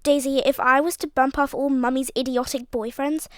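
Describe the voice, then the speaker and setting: A woman reading an audiobook voices a brash, scornful young upper-class man who blusters and mocks loudly. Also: high-pitched, steady tone, normal speed, dry recording, studio quality, lightly acted. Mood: blustering. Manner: loud, blustering and mocking.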